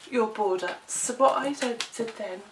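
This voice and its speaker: Chatty crafter, winded from a chest cold, slightly high voice, distant mic with a noisy background. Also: female voice, measured pace, reverberant. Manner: chatty, self-deprecating, talks while working. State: out of breath, coughing. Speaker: craft tutorial presenter. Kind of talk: chatty step-by-step craft demonstration.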